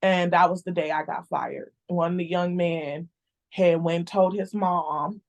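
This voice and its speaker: A woman guest on a podcast, telling a personal story in a candid, expressive, casual way. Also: fairly low pitch, measured pace.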